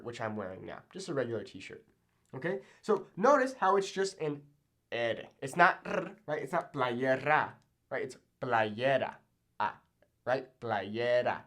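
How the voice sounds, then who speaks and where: A young man teaching Spanish pronunciation in a casual video lesson, with a Mexican Spanish accent in his Spanish words and an animated manner, checking in with frequent "okay?". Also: fairly high pitch.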